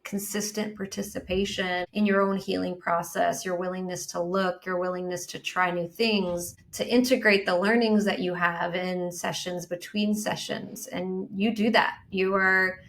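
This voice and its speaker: Affirming woman coach, lower voice. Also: fairly even intonation, normal speed, hardly any pauses, fairly bright tone. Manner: tender, affirming, speaks in flowing lists. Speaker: transformational coach. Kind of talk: warm conversational interview.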